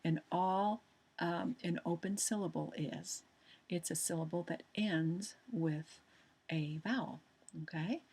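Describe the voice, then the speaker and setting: A woman's voice: fairly low pitch, slow pace, a little mellow, husky. A woman teaching a recorded lesson, patient and chatty, often repeating herself and restarting sentences as she explains.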